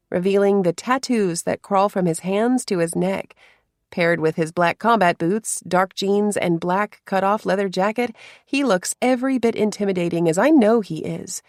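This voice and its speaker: A woman narrating a first-person romance story in a soft, confiding way, with hushed asides. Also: mid-range voice, dry recording, clean studio sound.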